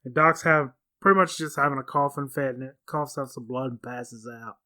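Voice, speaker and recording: Bright-voiced man bluntly retelling scenes. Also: medium pitch, normal speed. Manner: animated, blunt scene retelling with casual swearing. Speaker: podcast co-host. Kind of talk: casual movie recap chat.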